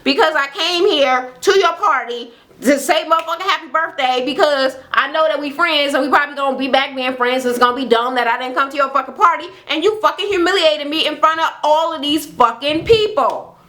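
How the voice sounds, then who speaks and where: A woman recapping a reality show in a casual, animated rant, swearing heavily and acting out what people said. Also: sits high, brisk, hardly any pauses. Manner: animated, heavy swearing, acts out quotes. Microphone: camera mic with ring light setup.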